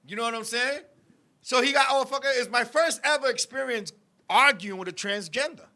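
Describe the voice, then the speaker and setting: A middle-aged man hosts a live-stream talk show, telling a story in a heated, profane rush. His voice sits unusually high for a man, with a sharp, bright edge. He keeps turning to his co-host and his viewers as he talks. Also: a little fast.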